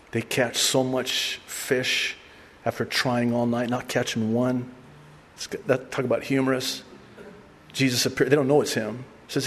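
A man's voice: medium pitch, a little hiss or hum. A man preaching a sermon, telling the story animatedly and acting out voices with humor. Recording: distant voice with long hall reverb, faint ambience.

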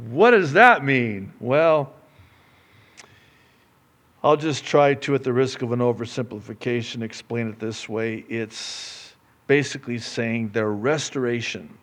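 A man from the Middle East preaching a sermon with passion, acting out the story in character voices. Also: medium pitch. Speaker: pastor.

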